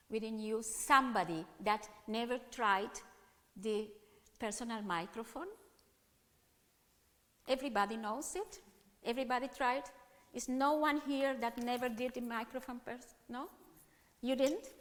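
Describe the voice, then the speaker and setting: A woman music educator giving a conference talk, with halting, non-native phrasing, often turning to question her audience. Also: fairly high pitch, slight background noise. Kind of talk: conference presentation. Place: conference hall. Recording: long hall reverb.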